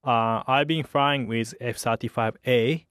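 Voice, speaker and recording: A young man from Japan with a Japanese accent, a fighter pilot speaking English haltingly with many pauses in a radio interview. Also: mid-range voice, fairly even intonation, a bit bright, clean tone, dry recording, clean studio sound. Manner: hesitant, halting English with many uhs and light laughs.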